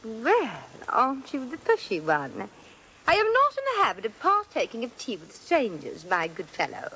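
A woman's voice: fairly high pitch, wildly swooping pitch, normal speed, pushed and bright, slightly rough, full character voice, rough recording. A giggly fake-posh showgirl. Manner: put-on posh airs with slips, giggly. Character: brash showgirl posing as a grand lady, woman. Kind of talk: 1940s radio acting.

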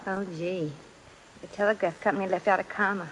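A woman's voice: mid-range voice, fairly even intonation, a little fast, a bit bright, slight background noise, natural voice, poor audio. An actress playing a brash showgirl who puts on grand-lady airs and slips up, in 1940s radio acting. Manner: put-on posh airs with slips, giggly.

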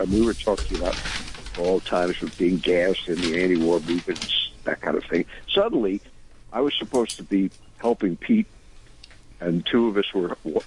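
A man's voice: sits low, slight background noise, rough recording. An older man, a musician and radio guest, telling long earnest anecdotes in a rambling conversational way that drifts into preaching. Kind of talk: conversational storytelling.

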